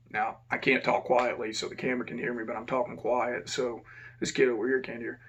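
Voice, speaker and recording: A former prison officer telling a casual, profane story and acting out the dialogue. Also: male voice, medium pitch, little pitch movement, fairly quick, fairly bright tone, husky, highs cut off.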